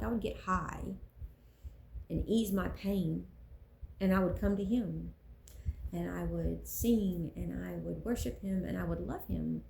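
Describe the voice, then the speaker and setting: A woman's voice: medium pitch, creaky, warm tone, echoey room, slight background noise, poor audio. A woman speaking earnestly about her faith, preaching in a casual way and repeating phrases for emphasis. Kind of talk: personal faith talk.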